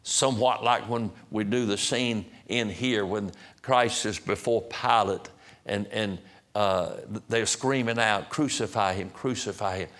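A man preaching a sermon as pastor, swinging from loud emphatic peaks to hushed, slow drops. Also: lowish voice, fairly even intonation.

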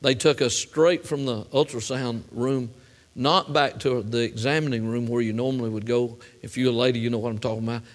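A man's voice: mid-range voice, fairly even intonation, a little fast. A middle-aged man preaching a sermon, telling a personal story in a folksy way that builds to fervent emphasis.

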